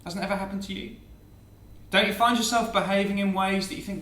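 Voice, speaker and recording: A man giving an evangelistic talk to a student audience, lively and theatrical as he acts out quotes. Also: sits high, fast, reverberant, far from the mic. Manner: animated, theatrical, acts out quotes and a comic poem. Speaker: speaker at a student Christian meeting.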